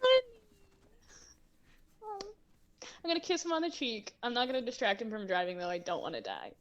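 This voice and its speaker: A woman playing a tabletop role-playing game, expressive, swearing and laughing often. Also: fairly high pitch, brisk, muffled recording. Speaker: player. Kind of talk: casual role-play as a player.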